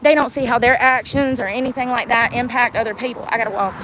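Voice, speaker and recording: A woman's voice: fairly high pitch, steady tone, fast talker. A woman vlogging about being homeless, ranting bluntly with a mouthy, profane way of talking, outdoors and in a car. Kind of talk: ranting vlog. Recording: outdoor street and traffic noise.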